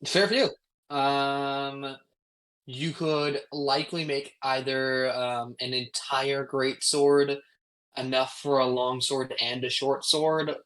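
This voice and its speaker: A man's voice: medium pitch, fairly bright tone, rough recording. A man narrating as game master for a tabletop game, loose and full of ums and uhs. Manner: loose, filler-heavy narration.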